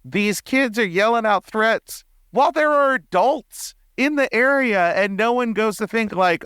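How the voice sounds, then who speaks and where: Animated, lively young man. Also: high voice, unhurried, hardly any pauses, smooth, dry recording, studio quality. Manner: animated, mock-exasperated, jumps into quoted voices. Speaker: podcast co-host. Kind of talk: casual movie review chat.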